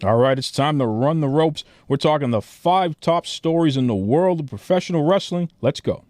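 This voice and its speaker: A man's voice: on the high side, expressive, moderate pace, darkish tone, soft background music. A man hosting a podcast with a hyped, showman-like delivery. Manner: hype, showman-like. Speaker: podcast host.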